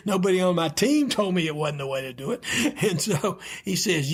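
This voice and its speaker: Gravelly-voiced older man telling stories. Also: a little high. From United States. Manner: chuckling anecdotal storyteller, acts out dialogue. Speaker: retired vice admiral, interview guest. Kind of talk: storytelling in a podcast interview.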